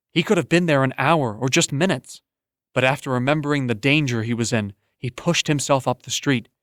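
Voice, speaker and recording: A man narrating an audiobook in a steady, measured storytelling manner on a close studio mic. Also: medium pitch, no room sound. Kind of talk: scripted narration.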